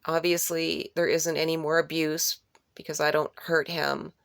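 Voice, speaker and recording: Low, gravelly woman for an unscripted dream-retelling vlog; rambling delivery that repeats key phrases, dry close sound. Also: little pitch movement, moderate pace, dry recording. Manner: rambling, with restarts and searching for words. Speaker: vlogger recounting a dream.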